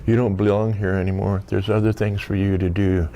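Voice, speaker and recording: A man's voice: lowish voice, level tone, brisk, dark tone. A man in his sixties, an interview guest, telling a long anecdote in a loose, rambling way, peppered with "you know" and acted-out bits of dialogue. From United States. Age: 60s. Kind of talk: casual storytelling interview.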